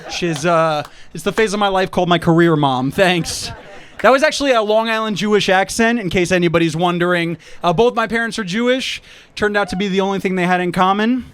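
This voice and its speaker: Wry high-voiced comedian. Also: male voice, fairly quick, a bit bright, clean tone. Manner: wry, self-deprecating joke delivery. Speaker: stand-up comedian. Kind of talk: stand-up comedy set. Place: outdoor rooftop show.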